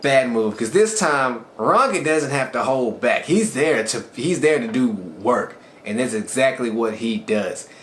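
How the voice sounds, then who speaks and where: A man casually recapping an anime episode as a reviewer, telling it loosely and with excitement. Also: mid-range voice, unhurried, few pauses. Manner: excited storytelling, loose and conversational. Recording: echoey room with faint background noise.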